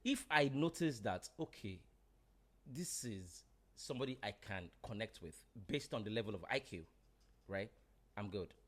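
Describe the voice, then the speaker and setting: Nigerian male co-host, animated swooping voice, insistent, repeats his point. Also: on the low side, moderate pace. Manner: insistent, repeats himself emphatically. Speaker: podcast co-host. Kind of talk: heated casual chat.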